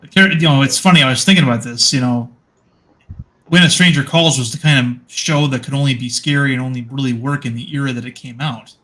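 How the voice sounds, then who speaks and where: A man's voice: mid-range voice, quick pace, pushed and bright. A man chatting casually as co-host, rambling with frequent restarts and fillers. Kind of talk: casual chat.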